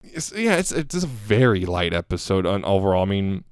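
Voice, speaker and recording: A man's voice: low-pitched, very animated, moderate pace, clear, resonant tone. A man co-hosting a podcast, chatting casually and rambling as he reviews a cartoon episode. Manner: rambling, many restarts and laughs. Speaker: podcast co-host.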